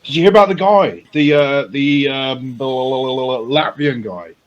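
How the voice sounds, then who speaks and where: A man co-hosting a casual podcast, his pitch sitting in an ordinary middle range. He teases his co-host and jokes around, swearing freely. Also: moderate pace, lo-fi sound. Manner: teasing, jokey, swearing freely. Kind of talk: casual chat.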